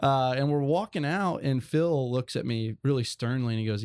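A man's voice: medium pitch, fairly even intonation, moderate pace, darkish tone, clean tone. A young adult man telling a personal faith story as a guest, earnest and rambling with many restarts.

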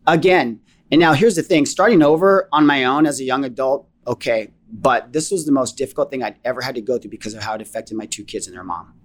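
A middle-aged man, a guest in a casual interview, telling earnest stories fast and acting out the dialogue. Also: mid-range voice. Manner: earnest, fast-paced storytelling that acts out dialogue. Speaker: interview guest, fitness business owner.

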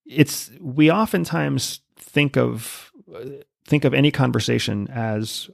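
A man's voice: mid-range voice, slow, vocal fry, no room sound, studio quality. A man who is a podcast guest, explaining things confidently in casual interview talk. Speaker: podcast guest, former spy.

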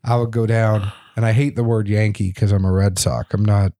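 Middle-aged man from Boston, animated and talkative podcast guest. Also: on the low side, normal speed. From Boston area. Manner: chatty, animated storyteller. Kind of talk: casual podcast chat.

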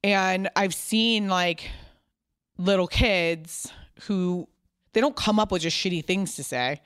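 Chatty woman with a smooth voice. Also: fairly low pitch, slow, dry recording, clean studio sound. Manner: chatty, swears freely, animated retelling. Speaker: podcast guest. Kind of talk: casual chat.

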